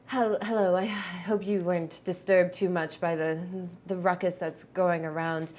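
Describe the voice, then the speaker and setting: A woman's voice: fairly low pitch, flat delivery, normal speed, darkish tone, close to an everyday voice. Burkor, a woman doing a frazzled young dwarf king. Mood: anxious pleading. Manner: flustered, stammering, polite. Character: young slim male dwarf ruler, overwhelmed and pleading. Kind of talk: tabletop role-play voice.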